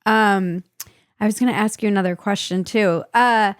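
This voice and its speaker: A woman's voice: mid-range voice, steady tone, normal speed, clear, resonant tone, dry recording, studio quality. A woman hosting a podcast interview, asking hesitant, curious questions. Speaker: podcast host. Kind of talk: casual interview conversation.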